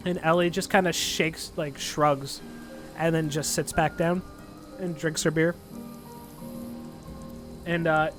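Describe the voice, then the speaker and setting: Dude running a d&d game, high bright voice, lots of um and like, faint music behind. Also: male voice. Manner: rambling, many fillers. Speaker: game master. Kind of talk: narrating a tabletop game.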